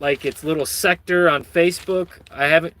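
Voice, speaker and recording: A man's voice: on the high side, fairly even intonation, normal speed, fairly bright tone. A man hosting his own channel, reading news stories with rambling, sardonic and profane commentary. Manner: rambling, sardonic, swears a lot. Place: lives in Michigan.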